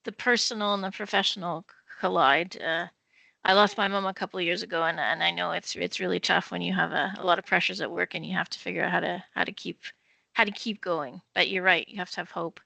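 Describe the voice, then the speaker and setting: Woman panelist, strongly gravelly, bright edge, candid storyteller, dry close sound. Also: on the low side, fairly even intonation, fast talker, dry recording, low-quality recording. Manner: candid, anecdotal, warm toward colleagues. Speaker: panelist, senior government official. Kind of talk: panel discussion. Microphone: video call.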